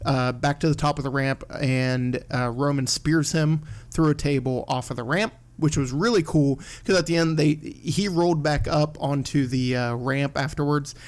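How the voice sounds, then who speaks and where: A man hosting a casual wrestling podcast from home, animated, swearing and laughing as he acts out what others said. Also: fairly high pitch, normal speed, few pauses. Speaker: podcast host.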